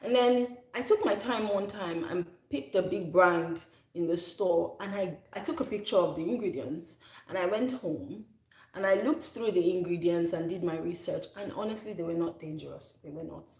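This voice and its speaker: A woman's voice: fairly low pitch, animated, moderate pace, darkish tone. A woman in her thirties, a soap maker talking casually in a rambling, self-correcting way. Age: 30s. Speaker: soap maker, channel host. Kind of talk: casual chat. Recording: echoey room.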